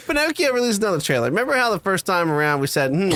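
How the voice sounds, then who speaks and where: A man's voice: high voice, very animated, fast, noisy background. A man co-hosting a casual podcast chat, joking and rambling with frequent fillers. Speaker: podcast co-host.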